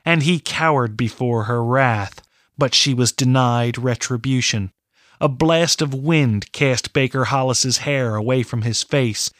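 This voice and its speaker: A man narrating a fantasy novel in a measured, deliberate way. His pace is very unhurried and his pitch is middling. The sound is dry and close. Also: fairly bright tone, dry recording. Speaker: audiobook narrator. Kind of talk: scripted narration.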